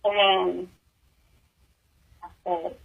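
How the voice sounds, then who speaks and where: A woman, a grieving mother, giving emotional personal testimony in an interview, halting and repeating words, her voice rising high in distress. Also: level tone, vocal fry, husky, phone-quality sound.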